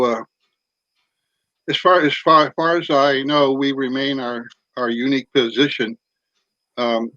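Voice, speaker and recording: A middle-aged man chatting as a guest on a video call, halting with many restarts. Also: mid-range voice, a bit bright, no room sound, highs cut off. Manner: halting, many restarts, eating while talking. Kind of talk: casual video-call chat.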